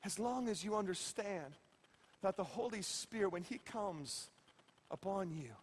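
A middle-aged man preaching a sermon as pastor, playful and emphatic, dropping to a hush and then rising to shouts. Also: high-pitched, lively intonation, measured pace, husky, in a large hall. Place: church sanctuary.

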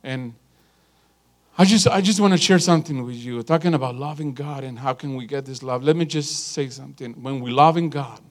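A middle-aged man preaching a sermon in an animated, emphatic way, telling stories to a congregation. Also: medium pitch, a little fast. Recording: guitar and piano music underneath.

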